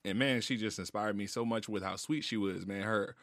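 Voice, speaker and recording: A man's voice: on the low side, fairly quick, a bit bright, no echo. A man as a podcast guest, talking earnestly and emotionally in casual slang, close to tears. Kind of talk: heartfelt casual conversation. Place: recording studio.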